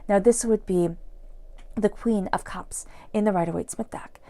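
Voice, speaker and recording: A woman giving an earnest, soft-spoken tarot reading, sometimes dropping into a whisper. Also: mid-range voice, normal speed. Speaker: tarot reader.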